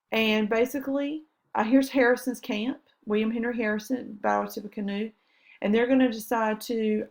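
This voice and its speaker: A woman's voice: medium pitch, creaky. A woman teaching history over slides, chatty and enthusiastic, with asides about the pictures. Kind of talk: recorded classroom lecture over slides.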